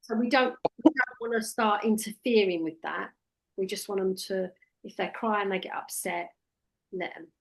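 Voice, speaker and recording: A woman coaching a trainee one-to-one. Her voice sits at a middle pitch, and she talks direct and practical, dropping into a softer, soothing tone when she quotes what she tells clients. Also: moderate pace. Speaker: hypnotherapy trainer. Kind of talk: casual one-to-one teaching.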